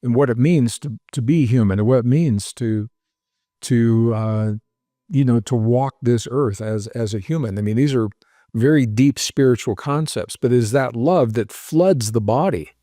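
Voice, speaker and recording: A man's voice: mid-range voice, moderate pace, mellow, no echo, clean studio sound. Earnest man explaining at length. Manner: earnest, explanatory, listing examples. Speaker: author and researcher guest. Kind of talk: podcast interview answers.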